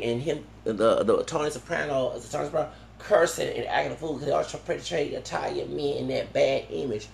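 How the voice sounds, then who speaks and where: A man with a heavily gravelly voice talks on in a digressive, loose monologue. He keeps restarting his sentences and tacking on "okay?" as he goes. The sound is roomy and echoey, with faint ambience underneath. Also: medium pitch, slight background noise. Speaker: vlogger. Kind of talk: rambling monologue.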